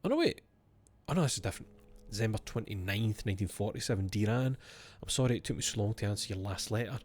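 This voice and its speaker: A man's voice: lowish voice, lively intonation, fast talker, a little mellow, a little hiss or hum. A man streaming a game, reading its letters aloud and breaking off for wry asides to himself.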